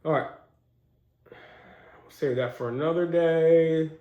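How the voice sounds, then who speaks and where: A man's voice: a little high, slow, narrow, tinny audio. A young man doing casual, slangy commentary, reacting with incredulous asides. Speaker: commentary host. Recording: roomy echo.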